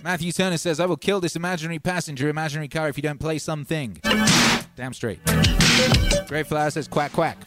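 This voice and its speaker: A man hosting a music livestream, reading out viewers' comments with playful deadpan asides. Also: on the high side, fast. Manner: playful, deadpan asides, frequent ums and uhs.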